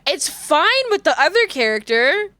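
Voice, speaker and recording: A woman's voice: high voice, big pitch swings, normal speed, bright, forceful tone, no room sound. A woman streaming a game, chatting casually, laughing often and talking to her cat. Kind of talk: casual gameplay chat.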